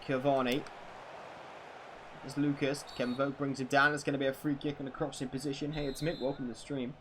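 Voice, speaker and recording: A man streaming a football video game, calling the play like a commentator and chatting with viewers, excitable and prone to swearing and bursts of shouting. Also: medium pitch, a little fast, noisy background.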